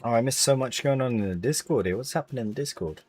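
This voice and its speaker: A man's voice: medium pitch, lively intonation, quick pace, darkish tone, breathy edge, no echo, soft background music. A man, live-streaming a farming game and chatting casually with viewers as he plays. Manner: chatty, reads chat aloud, British slang.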